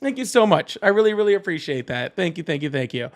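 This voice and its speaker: A young man hosts a live political call-in stream. His voice sits high for a man. He talks in an animated, casual way, laughs easily and is blunt with difficult callers. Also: fast. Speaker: livestream political call-in host. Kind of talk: casual livestream chat, reading donor messages.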